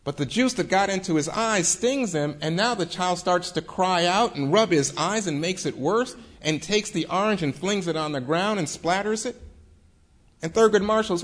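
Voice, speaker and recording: A man with a slightly higher voice recounting a true story in a vivid, dramatic way, pacing his scenes and acting out the people in them. He speaks as a storyteller holding a room. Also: expressive, moderate pace. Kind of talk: storytelling talk.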